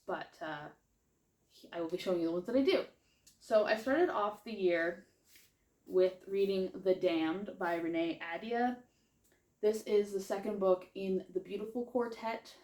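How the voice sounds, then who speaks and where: A woman's voice: on the low side, darkish tone, reverberant. A woman book vlogger chatting casually through a reading wrap-up, with a slight lisp and a rambling manner full of fillers. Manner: chatty, rambling, lots of likes and ums.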